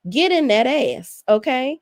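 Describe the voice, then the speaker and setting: A woman's voice: sits high, big pitch swings, measured pace, no room sound. Sassy, blunt woman recapping reality TV. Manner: sassy, profane, blunt opinions. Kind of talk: casual recap commentary.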